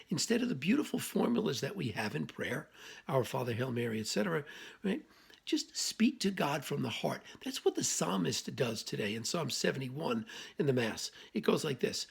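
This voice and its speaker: A man giving a short daily reflection as a campus minister, telling a joke and then gently urging listeners to pray from the heart. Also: mid-range voice, sing-song, moderate pace, creaky, breathy edge. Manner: folksy joke-telling then earnest exhortation.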